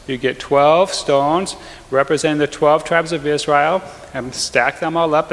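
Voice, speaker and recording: A male pastor giving a lively, conversational sermon with quick asides and chuckles, in a church. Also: a little high. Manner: energetic, conversational preaching with frequent asides and laughs. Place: large church. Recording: long hall reverb in church.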